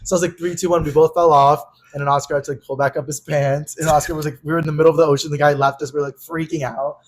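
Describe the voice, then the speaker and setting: A young man co-hosting a podcast, casually telling a wild travel story, swearing freely and acting out the yelling in his quotes. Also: a little high, very fast. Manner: animated, swearing, acts out yelled quotes. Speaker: podcast co-host.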